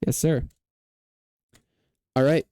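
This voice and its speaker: A man hosting a casual online quiz game, reading clues aloud and confirming answers with a quick "yes, sir". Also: warm tone, no echo. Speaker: quiz show host.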